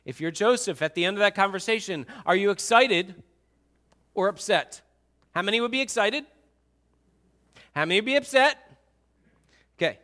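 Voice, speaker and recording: High bright-voiced pastor guy, chatty animated sermon to his church. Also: normal speed, pauses often. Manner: conversational, animated storytelling to a congregation.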